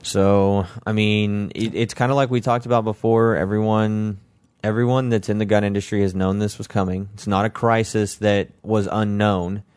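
A man's voice: lowish voice, flat delivery, normal speed, darkish tone, clean tone, no echo. A man hosting a podcast in casual chat, teasing his co-host.

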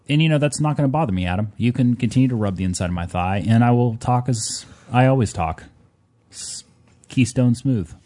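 A man's voice: medium pitch, darkish tone. A man who teaches on a shooting range, chatting casually with playful joking. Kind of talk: casual chat.

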